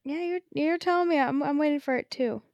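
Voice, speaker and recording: A young woman co-hosting a podcast, chatting casually and gushing with excitement, laughing often. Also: sits high, fairly quick, no room sound. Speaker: podcast co-host. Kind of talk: casual chat.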